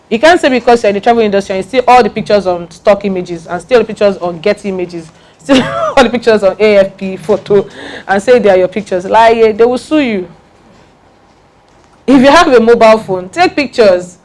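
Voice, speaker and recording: A woman's voice: medium pitch, darkish tone. Emphatic woman giving a talk. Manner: emphatic, repeats key points, laughs and jokes with the audience. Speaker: speaker giving a talk on personal branding. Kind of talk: lively workshop talk to an audience.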